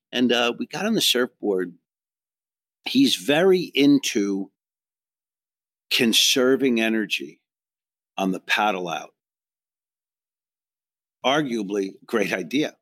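A middle-aged man telling a story in casual chat, animated and self-mocking, acting out what others said. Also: fairly low pitch, dry recording, clean studio sound. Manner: animated, swearing, self-mocking, acts out quotes. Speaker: podcast guest telling a story.

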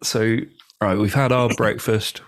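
A man's voice: fairly low pitch, steady tone, measured pace, dry recording, studio quality. A man co-hosting a podcast in casual chat, teasing and laughing often. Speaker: podcast co-host.

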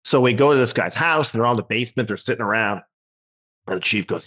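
Here the Newfoundland comedian sounds husky, fairly low, and fast as he tells his anecdote. He acts out the voices with animation while chatting casually.

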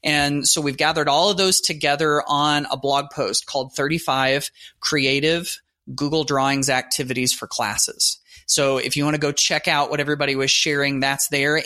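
A man's voice: fairly high pitch, bright, forceful tone. A man co-hosting a podcast, chatty and eager as he shares resources. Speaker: podcast co-host. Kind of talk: casual podcast talk.

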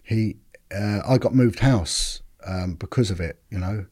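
A man's voice: on the low side, a little slow, husky. A man, a former detective telling stories casually on a podcast and acting out what others said. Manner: animated, repeats words, acts out quotes.

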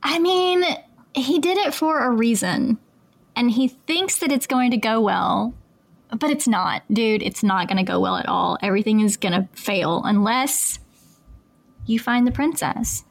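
High-voiced, playful woman co-host. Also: a little slow, gravelly. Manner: playful, blunt, jokey. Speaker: podcast co-host. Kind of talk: casual book discussion.

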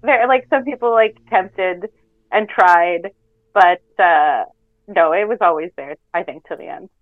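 A woman's voice: fairly low pitch, a little slow, no room sound. A woman from Canada, a reality show contestant, chatting casually in a podcast interview, rambling and laughing often. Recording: dull lo-fi call audio.

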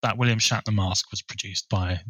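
A man co-hosting a podcast, chatting casually about a film and sharing bits of research in a relaxed way. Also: on the low side, normal speed, slightly rough, dry recording, dull audio. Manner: relaxed, shares researched trivia. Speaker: podcast co-host.

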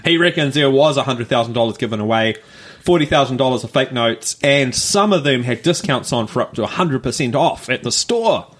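A man's voice: mid-range voice, expressive, brisk, fairly bright tone. A man with a New Zealand accent co-hosting a podcast, telling news stories in casual chat and laughing along as he goes. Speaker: podcast co-host.

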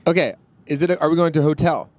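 A man's voice: on the high side, fairly even intonation, very fast, darkish tone. A young man hosting a podcast, chatting playfully and thinking aloud from inside a moving car. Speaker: podcast host, birthday guest of honor. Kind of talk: casual chat.

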